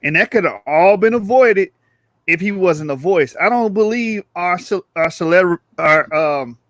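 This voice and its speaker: A man's voice: high-pitched, animated, moderate pace, a bit bright, no echo. A man on a debate panel, speaking emphatically and stumbling for words. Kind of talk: casual debate chat.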